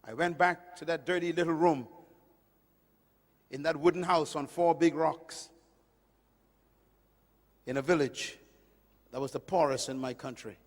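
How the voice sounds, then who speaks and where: High-voiced preacher man in a reverberant hall. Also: steady tone, a little slow, pauses often. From Caribbean. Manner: emphatic, swinging from loud to hushed. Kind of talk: sermon.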